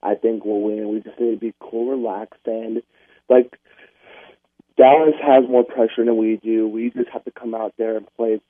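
A man's voice: lowish voice, steady tone, normal speed, no room sound. Male caller, easygoing, phone-line sound. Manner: casual, filler-heavy. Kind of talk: call-in sports chat.

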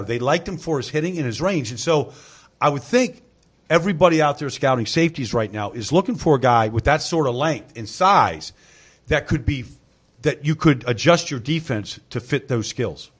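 A man talking through football tactics in a casual sports discussion, explaining at length and leaning on "I mean" as he goes. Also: fairly high pitch. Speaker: football analyst.

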